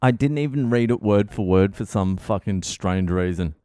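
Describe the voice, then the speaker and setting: A man's voice: fairly low pitch, moderate pace, dark tone, clean tone, dry recording, studio quality. A man hosting his own podcast, telling a comic story in a profane, rambling, self-mocking way. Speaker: podcast host, comedian.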